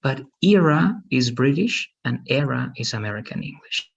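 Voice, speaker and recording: A man's voice: medium pitch, big pitch swings, moderate pace, creaky, muffled recording, a little hiss or hum. A man teaching English pronunciation on a video call, patient and explaining, checking understanding with frequent questions. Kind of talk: online pronunciation lesson.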